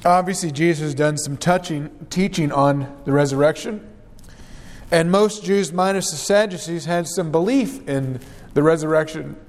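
A man preaching an earnest, measured sermon and reading scripture aloud. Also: fairly high pitch, big-room sound.

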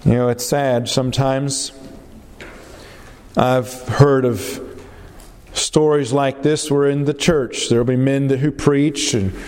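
A man's voice: medium pitch, steady tone, slow, pauses often, darkish tone. A male preacher delivering a sermon, stretching out phrases for emphasis and asking his listeners rhetorical questions. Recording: long reverb of a hall.

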